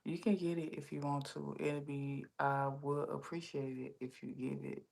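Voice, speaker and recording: A woman's voice: sits low, level tone, normal speed, creaky, a little mellow. A woman hosting a casual livestream, chatting straight to her viewers and telling stories. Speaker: livestream host.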